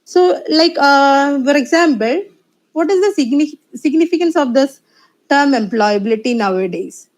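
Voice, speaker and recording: A woman with an Indian English accent lectures over a video call. Her voice sits a little high. She pauses often, fills gaps with "uh" and restarts her sentences as she works through her slides. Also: animated, rough recording. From Kerala, India. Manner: hesitant, many uh fillers and restarts. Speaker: assistant professor presenting a talk. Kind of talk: online lecture presentation.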